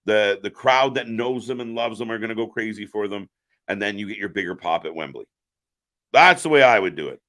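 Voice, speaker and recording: A man's voice: on the low side, lively intonation, a little fast, a bit bright. A man hosting a live reaction stream, giving opinionated, profane commentary.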